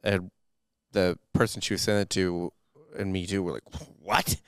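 A man's voice: low-pitched, flat delivery, normal speed, clean tone, no echo, studio quality. A man co-hosting a comedic history podcast, chatting casually and rambling through jokes and silly voices. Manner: jokey, rambling, breaks into silly character voices. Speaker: podcast co-host.

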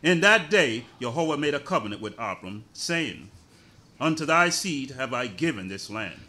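Bright-voiced man reading scripture. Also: medium pitch, big pitch swings, normal speed. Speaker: scripture reader.

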